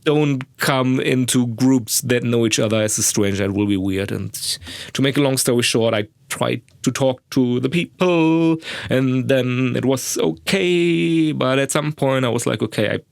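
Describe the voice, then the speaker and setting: A man's voice: mid-range voice, unhurried, vocal fry, clear, resonant tone, dry recording, clean studio sound. A young man, a podcast host rambling crudely and mocking himself, recorded in a sound booth. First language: German. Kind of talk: casual monologue.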